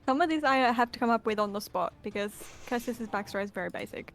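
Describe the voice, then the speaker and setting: A woman's voice: fairly high pitch, quick pace. A woman playing in a tabletop game, chatting in a rambling, self-correcting way with frequent laughs. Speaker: player.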